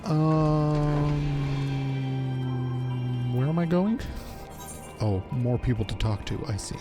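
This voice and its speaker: A man's voice: a little high, animated, slow, loud music behind the voice. A man casually commenting and joking while playing a game, with self-deprecating asides. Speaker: streamer.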